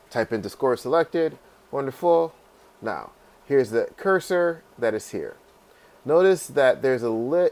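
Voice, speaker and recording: Low-voiced male music teacher. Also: a little mellow. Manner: casual, repeats "right?" and fillers, sings melody snippets. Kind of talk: screen-recorded software tutorial.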